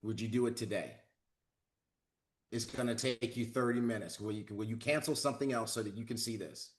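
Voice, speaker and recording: A man's voice: lowish voice, brisk. A man giving a motivational training talk, coaching his audience and acting out sample phone calls with lots of energy. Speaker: network marketing trainer.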